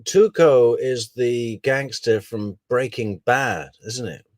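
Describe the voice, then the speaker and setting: A man's voice: medium pitch, slow, dry recording. A man giving true crime commentary over played recordings, with dry, mocking asides.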